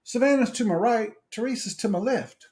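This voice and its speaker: A man's voice: very high-pitched, a little fast. A middle-aged man, co-hosting a casual live stream and telling stories with lots of laughter. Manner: animated storytelling, laughs often, folksy. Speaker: co-host.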